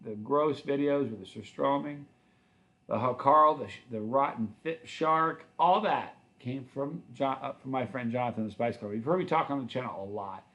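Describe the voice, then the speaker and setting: Gravelly-voiced guy rambling thru viewer comments on his stream, friendly, keeps restarting. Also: mid-range voice, normal speed, fairly bright tone, muffled recording. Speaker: channel host. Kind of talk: livestream chat answering viewer questions.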